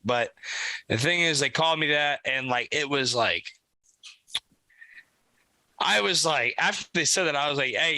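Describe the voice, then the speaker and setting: Bright-voiced man telling a profane story. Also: mid-range voice, no echo, rough recording. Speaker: podcast co-host. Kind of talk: casual chat.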